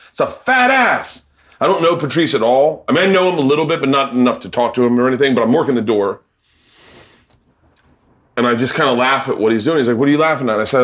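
A middle-aged man with a medium-pitched voice trades comedy-club stories in casual conversation. He's animated, laughs often and acts out the voices of people he quotes.

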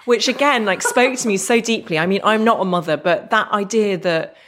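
A woman's voice: mid-range voice, fairly quick, fairly bright tone, a little hiss or hum. A woman hosting a podcast interview, asking reflective and encouraging questions. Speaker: podcast host. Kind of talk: interview conversation.

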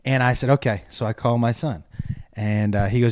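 A man's voice: mid-range voice, quick pace, dry recording, clean studio sound. An older comedian telling family stories on a podcast, acting out the voices of his relatives and laughing as he goes. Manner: animated storyteller, acts out quoted family voices, laughs often. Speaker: comedian guest. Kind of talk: casual storytelling on a podcast.

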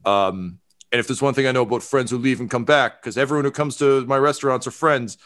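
A man's voice: medium pitch, fairly even intonation, fast, fairly bright tone. Laid-back man running a tabletop game. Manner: loose, filler-heavy storytelling. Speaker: game master.

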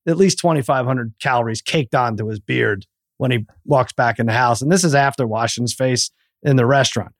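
A man's voice: mid-range voice, brisk, no room sound, clean studio sound. A man in his fifties telling a family story in a loose, jokey, rambling way. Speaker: co-host. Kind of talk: casual storytelling chat.

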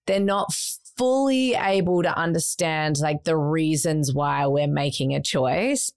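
A woman's voice: low voice, darkish tone, clear, resonant tone. Chatty mother co-hosting over a remote mic. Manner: chatty, quick, laughing, self-interrupting. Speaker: podcast co-host. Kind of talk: casual podcast chat. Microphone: remote call mic.

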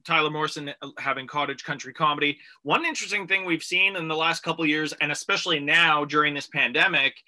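A middle-aged man from rural Canada hosts a radio comedy talk show with an upbeat, joking manner. His voice is very bright and ringing, and it sits a little high for a man. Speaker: radio host.

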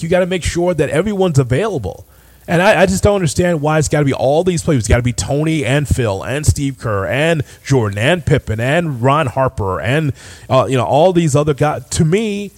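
A man's voice: on the high side, a little mellow. A man hosting a sports podcast, ranting in an exasperated, emphatic way. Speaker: podcast host. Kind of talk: opinionated sports commentary.

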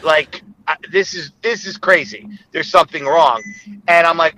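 A man's voice: a little high, fairly even intonation, moderate pace, bright, forceful tone, rough recording. A man telling a long, explicit personal story in a rambling, casual way, often quoting others.

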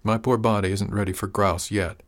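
A man's voice: lowish voice, little pitch movement, moderate pace, natural voice. A man doing a shy, earnest young country woman. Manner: hesitant, earnest, rustic speech.

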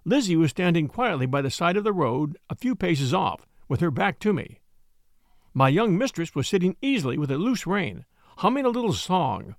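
A man narrating a classic novel in an expressive, measured storytelling manner. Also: on the high side, dry recording, studio quality. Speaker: audiobook narrator.

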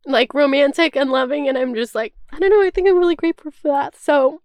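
A woman's voice: high-pitched, fairly even intonation, quick pace, a little mellow, dry recording. A woman in her twenties hosting a podcast, chatting candidly and emotionally, rambling with constant "like" fillers and casual swearing. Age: 20s. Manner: rambling, fills with "like", swears freely. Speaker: podcast host. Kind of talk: casual chat.

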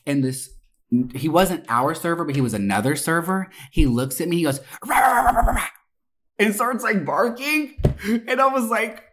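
A woman casually telling a wild story, profane and animated, with frequent laughter and swearing. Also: lowish voice, normal speed.

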